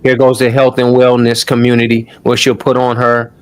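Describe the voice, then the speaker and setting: A man runs a relaxed live-stream lesson in a loose, chatty way, tossing in the odd curse and a steady "y'all". His voice sits at an ordinary middle pitch for a man. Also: moderate pace, clean tone. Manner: loose and chatty, swears, calls the audience "y'all". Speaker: online course host. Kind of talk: casual live-stream tutorial.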